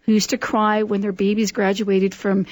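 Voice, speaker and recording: A woman's voice: medium pitch, little pitch movement, moderate pace, darkish tone, no room sound. A middle-aged woman, a school administrator telling stories in a friendly, chatty interview, often laughing. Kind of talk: interview conversation.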